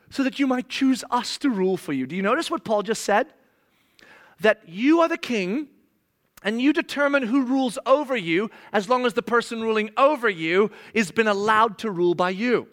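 A middle-aged man preaching a sermon, animated, slipping into sarcastic mock voices as he reads. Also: very high-pitched. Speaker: pastor.

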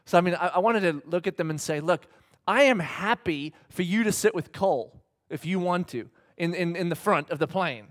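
A man in his thirties preaching, telling a family story with lively acted-out quotes that swing from hushed to shouted. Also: sits high, normal speed. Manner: animated storyteller acting out quotes, shifting between hushed and shouted. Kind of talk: sermon storytelling.

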